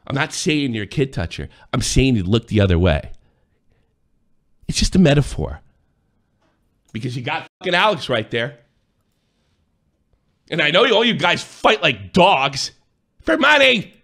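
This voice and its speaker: An angry man in a profane, accusing rant, sometimes shouting. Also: mid-range voice, very animated, measured pace, pauses often. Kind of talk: heated rant.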